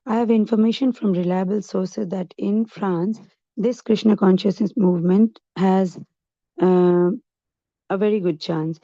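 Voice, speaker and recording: A woman volunteer reading a letter aloud to a study group, steady and careful. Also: mid-range voice, unhurried, dry recording. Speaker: volunteer reader. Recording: dull lo-fi dry recording.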